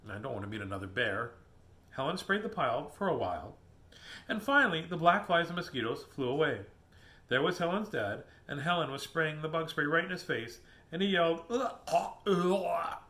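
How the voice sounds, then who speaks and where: A man reading a children's picture book aloud, animated and chuckling at the pictures. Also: on the high side, brisk. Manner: animated, chuckling asides to the listener.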